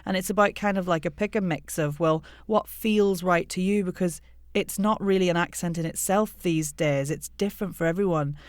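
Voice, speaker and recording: Erklärende Akzenttrainerin, trocken aufgenommen. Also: female voice, fairly low pitch, no room sound, studio quality. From United Kingdom. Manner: measured, explaining step by step. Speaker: accent coach. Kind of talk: explanatory interview talk.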